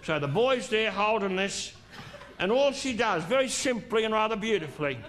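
A middle-aged man telling a crude, drawn-out stand-up story on a theatre stage, with theatrical pauses. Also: high voice, animated, a bit bright. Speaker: stand-up comedian. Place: theatre stage before a laughing audience.

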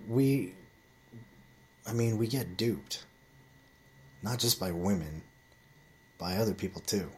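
Casting: deep-voiced man, casual vlogger, swears freely, loose rambling delivery. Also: takes it slowly, long pauses, darkish tone. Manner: rambling storytelling with heavy swearing. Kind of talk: casual monologue to camera.

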